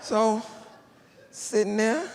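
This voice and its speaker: A man's voice: high voice, very slow, gravelly. A man performing stand-up comedy, telling a long story and acting out the people in it. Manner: animated storytelling with voiced quotes. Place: large theater stage before a live audience. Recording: live hall with reverb and faint room noise.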